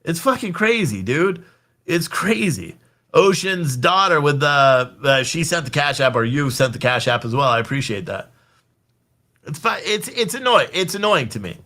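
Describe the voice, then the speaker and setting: A man's voice: on the high side, big pitch swings, moderate pace, bright, forceful tone. A young man hosting a political livestream, ranting in an angry, exasperated, profane way. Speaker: livestream host.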